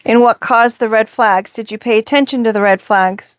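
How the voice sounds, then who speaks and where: A woman's voice: fairly high pitch, steady tone, normal speed, no room sound, studio quality. A woman giving a reflective spiritual reading to camera, posing rhetorical questions. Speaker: tarot reader.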